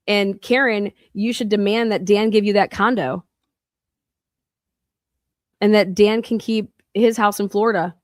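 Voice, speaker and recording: A woman's voice: mid-range voice, fairly even intonation, unhurried, pauses often, no echo, studio quality. A woman podcast host delivering a heated, profane rant in an angry monologue.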